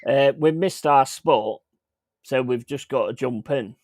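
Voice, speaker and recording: A man's voice: mid-range voice, a little slow, no room sound. A man telling rambling, profane holiday stories in a casual podcast chat. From England. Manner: profane, laughing, rambling anecdotes. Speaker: podcast host.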